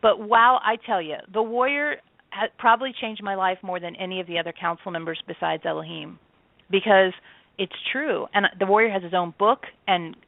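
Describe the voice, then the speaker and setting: A woman's voice: mid-range voice, moderate pace, gravelly, no echo. Chatty woman on a tinny phone line. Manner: chatty, enthusiastic, many restarts. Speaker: channeler and author, interview guest. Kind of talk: casual interview talk.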